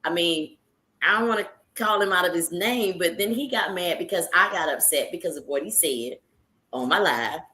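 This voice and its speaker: A woman hosting a live stream, telling her viewers a story in a casual, animated way, laughing often and calling them y'all. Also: lowish voice, moderate pace, reverberant.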